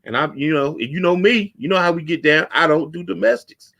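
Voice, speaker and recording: A man hosting a casual talk show, telling a street story with lively acted-out quotes. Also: fairly high pitch, a little fast, gravelly. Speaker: podcast host.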